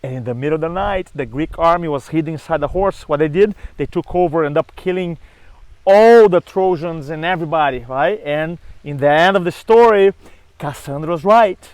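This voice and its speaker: High-voiced animated male storyteller. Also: moderate pace, clear, resonant tone, dry recording, low-quality recording. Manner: animated storyteller acting out dialogue. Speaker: speaking coach. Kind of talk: storytelling to camera.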